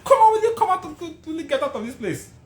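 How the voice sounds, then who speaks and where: A man's voice: very high-pitched, sing-song, quick pace, pitched above the performer's own voice. A man voicing a scornful male interview official who jeers and scolds. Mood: mocking. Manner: mocking, jeering, shouting down. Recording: roomy with faint noise.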